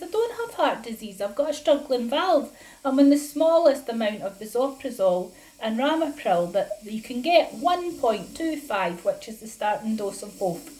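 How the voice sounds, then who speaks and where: A woman talks straight to camera about her own situation, with a slightly higher voice. She speaks indignantly and emphatically, acting out her exchanges in quoted bits, and she sounds a little breathless. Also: dark tone, low-quality recording. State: breathless from lung disease. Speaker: patient sharing her health story. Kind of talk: personal vlog to camera.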